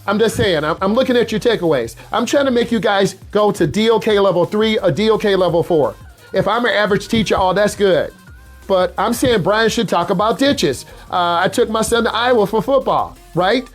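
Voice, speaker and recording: A man's voice: sits high, moderate pace, faint music behind. A man from the Midwest, a teacher giving a classroom lecture and pushing his students to work harder. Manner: animated, exhorting students, repetitive.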